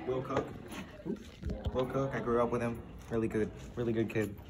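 A man's voice: mid-range voice, fairly even intonation, moderate pace. A young man vlogging his last school day, chatting playfully and teasing friends. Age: young adult. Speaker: vlogger, graduating student. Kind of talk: casual vlog chat. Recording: busy crowd and noise behind.

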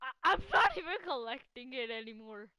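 High, lively woman gaming. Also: moderate pace, background noise. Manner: excitable, laughs often, teasing a teammate. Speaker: gaming channel host. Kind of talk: casual live gameplay commentary.

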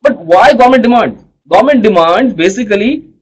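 A man's voice: high-pitched, animated, brisk, husky, low-quality recording. A man teaching an economics class online, coaxing students and often checking they understand.

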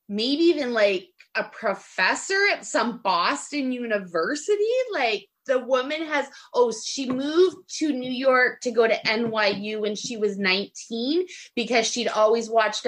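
A woman with a high, bright voice chats as a podcast co-host. She tells gossip with animated energy and slips into quick impressions of the people in the story. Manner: animated storyteller, mimics others with put-on voices. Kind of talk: casual gossip chat.

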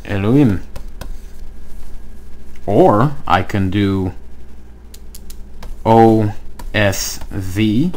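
A man's voice: fairly low pitch, very slow, pauses often, a little mellow. A man teaching a language lesson online, explaining step by step and checking in with "okay?" as he writes on the screen. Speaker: Hebrew teacher.

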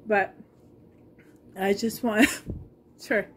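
Slow, gushing woman vlogger. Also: medium pitch, fairly even intonation, noisy background. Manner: gushing, breathy with delight, slow. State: coughing. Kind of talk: casual unboxing vlog.

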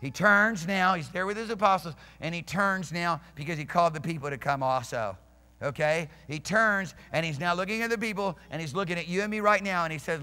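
A man's voice: sits high, a little fast, bright, forceful tone, clear, resonant tone. A male pastor preaching a sermon emphatically, restarting phrases and questioning his congregation. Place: church sanctuary. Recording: reverberant church hall.

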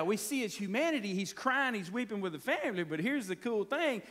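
High, lively preacher. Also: male voice. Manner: folksy, repeatedly checks in with the congregation. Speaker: pastor. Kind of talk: conversational sermon.

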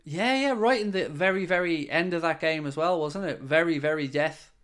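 Excitable Dublin Irish man, fairly high voice. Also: moderate pace, smooth. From Ireland. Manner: excitable, reacting out loud to live play; chatty, answering viewer comments. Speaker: watchalong host. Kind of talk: live football watchalong commentary.

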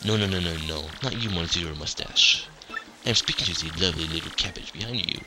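A man's voice: sits low, quick pace, noisy background, lightly acted. A man voicing a flirty, pompous male character with a put-on French accent, reading game text. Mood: pompous flirting. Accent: fake French. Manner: theatrical, pompous.

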